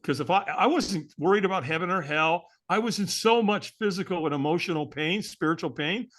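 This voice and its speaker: Male guest telling a candid personal story; bright, slightly high voice, earnest delivery. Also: a little fast. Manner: earnest, candid, often adds "man".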